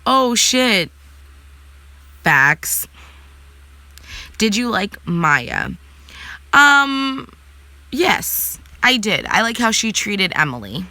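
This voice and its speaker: Young woman vlogger, sassy and blunt, bright tone, dry close sound. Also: mid-range voice, sing-song, very slow, pauses often, no room sound. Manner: blunt, sassy, swears freely. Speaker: vlogger answering live chat. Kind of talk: casual live chat.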